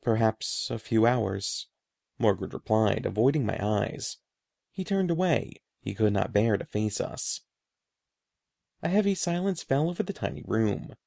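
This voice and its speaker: A man reading a children's adventure story aloud in a measured storybook way, voicing the dialogue. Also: on the low side, sing-song, creaky, warm tone, dry recording, studio quality. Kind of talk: scripted narration.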